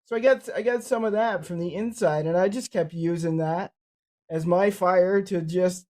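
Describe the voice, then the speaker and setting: Man with a mellow, cerebral palsy–affected voice. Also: high-pitched, normal speed. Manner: rambling, repeats words and restarts. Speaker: podcast co-host. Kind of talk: casual conversational storytelling.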